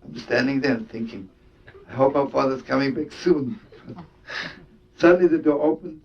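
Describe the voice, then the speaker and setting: A rabbi known for storytelling gives a sermon in story form, his voice a little slow and gravelly. He tells it with animation, sprinkling in Yiddish words and laughing along the way. The recording sounds far off and muffled: dull, lo-fi, and carrying a faint rumble.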